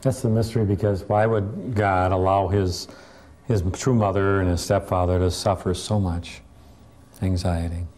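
A man hosting a religious interview, calmly posing questions and briefly agreeing. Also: low voice, moderate pace. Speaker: host asking catechism questions.

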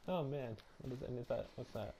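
A young man doing casual let's-play commentary on a horror game, loud, joking and slangy. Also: medium pitch, vocal fry, background noise. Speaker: gameplay streamer.

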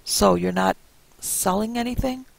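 A man voicing a wary, grandmotherly old woman who speaks slowly and suspiciously. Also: high-pitched, vocal fry, dry recording, pitched above the performer's own voice, heavily acted. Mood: sweetly.

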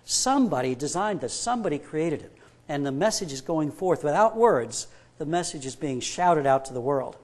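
Fairly high-voiced man preaching a sermon. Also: expressive, moderate pace, a little mellow. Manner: emphatic, builds up with rhetorical questions; retells a story, acting out both speakers. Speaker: pastor.

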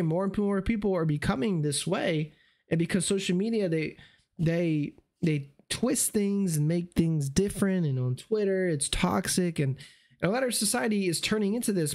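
A man's voice: high voice, darkish tone. A man chatting casually on a live stream, slangy and repetitive, saying he is losing his voice. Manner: slangy, repeats "you see what I'm saying".

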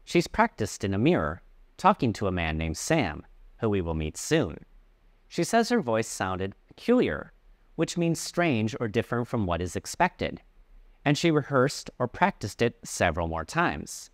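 A man teaching English, reading a story aloud and clearly explaining words along the way. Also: medium pitch, dry recording, studio quality.

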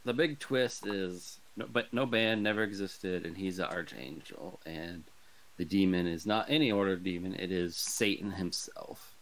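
Podcast co-host, male, low voice, dry sarcastic plot recaps. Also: moderate pace, rough recording. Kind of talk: casual movie review chat.

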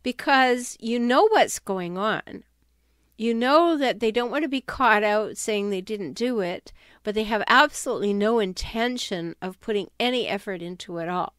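Woman, relationship advice talk, emphatic and animated, smooth resonant voice, mid pitch. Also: normal speed, no echo, clean studio sound. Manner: emphatic, animated, dips into quoted sarcastic lines. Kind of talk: talking-head advice video.

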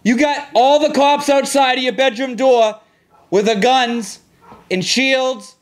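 Brash taunting man, very high voice. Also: fairly even intonation, takes it slowly. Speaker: player acting as a sheriff's deputy. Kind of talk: in-game role-play voice chat.

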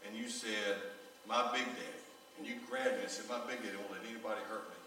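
A pastor preaching a sermon, telling a personal story with emotion, his voice often dropping low and soft. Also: steady tone, fast talker, slight background noise. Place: large church sanctuary. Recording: echoey church hall recorded from far off.

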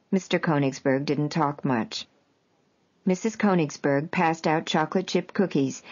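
A woman narrating a memoir in the first person, with a measured, even reading. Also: deep voice. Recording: dull lo-fi audio.

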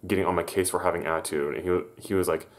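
A man telling a personal story to his viewers, halting, stammering and correcting himself as he goes. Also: low voice, fairly even intonation. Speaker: vlogger.

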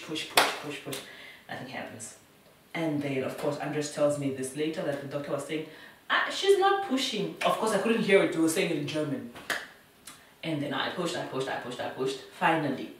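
A young woman talks to camera in a casual, animated storytelling voice, acting out the people in her story. Her pitch swings up and down a lot. The sound is roomy and echoey, with her voice set back from the mic. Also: distant mic, slight background noise. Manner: animated, acts out what others said. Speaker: vlogger telling her birth story. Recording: echoey room, voice away from mic.

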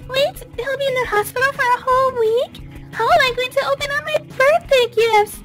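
A woman voicing a bubbly, self-absorbed young woman doll, gushing and excitable, in a toy play video. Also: very high-pitched, moderate pace, soft background music, voice pushed up. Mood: chatty.

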